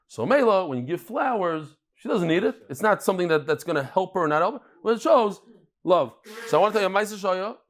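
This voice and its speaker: Male Talmud teacher, slightly high, chatty storyteller with a live group. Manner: joking, storytelling, chatty with laughs. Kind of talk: daf yomi lecture with jokes and stories.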